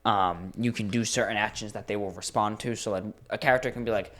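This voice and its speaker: A man's voice: on the low side, fairly even intonation, quick pace, hardly any pauses, a bit bright. A young man co-hosting a podcast, chatting casually and swearing freely as he tells stories with animation. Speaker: podcast co-host. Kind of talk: casual chat.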